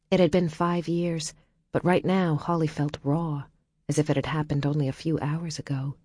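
A woman narrating an audiobook in a quiet, measured storytelling way. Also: deep voice, fairly even intonation, dry recording, clean studio sound.

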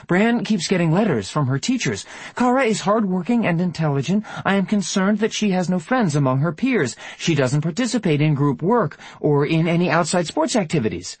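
A man's voice: high-pitched, breathy edge, dry recording, pitched above the performer's own voice, exaggerated voice. A man doing a firm young woman. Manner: firm, steady.

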